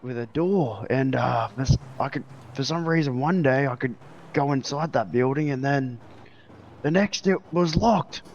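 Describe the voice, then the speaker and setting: A man's voice: medium pitch, a little slow, a little mellow, muffled recording, a little hiss or hum. An Australian man chatting easily during game roleplay, rambling and agreeable. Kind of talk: casual in-character roleplay chat.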